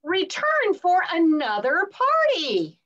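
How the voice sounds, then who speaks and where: Slow, lively high-voiced woman reader. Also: dull audio, heavy background noise. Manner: slow and expressive. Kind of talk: reading a story aloud.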